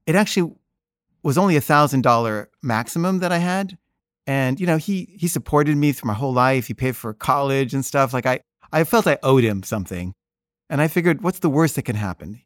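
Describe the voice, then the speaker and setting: A man's voice: medium pitch, animated, a little fast, no room sound, clean studio sound. A man casually telling a personal story in a rambling, wry way, full of fillers.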